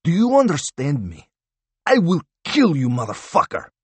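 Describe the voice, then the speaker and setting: A man's voice: mid-range voice, big pitch swings, measured pace, no echo, voice pushed up. A man voicing a smug, menacing Russian captive who hisses threats, in an audiobook. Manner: threatening, hissing.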